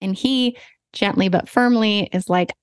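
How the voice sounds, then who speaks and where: A woman hosting a podcast, telling a personal story in a candid, animated, self-deprecating way. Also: mid-range voice, unhurried, clean tone, dry recording. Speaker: podcast host.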